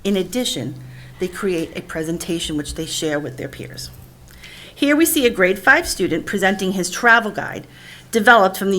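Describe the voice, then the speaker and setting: A woman, a district literacy administrator, reading a formal, measured presentation narration. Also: medium pitch, a bit bright, slight background noise.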